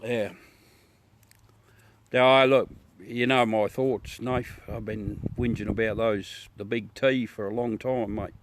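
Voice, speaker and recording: A man's voice: fairly low pitch, fairly even intonation, unhurried, few pauses, slight background noise. An Australian man hosting a livestream, chatting casually with viewers in a blunt, ranty way and swearing freely. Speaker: livestream host. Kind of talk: casual chat with live viewers.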